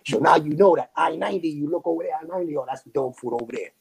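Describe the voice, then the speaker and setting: A man from New City, telling a story as a podcast guest in animated street slang with sound effects. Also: on the high side, very fast, vocal fry, slightly rough. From New York City. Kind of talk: casual storytelling.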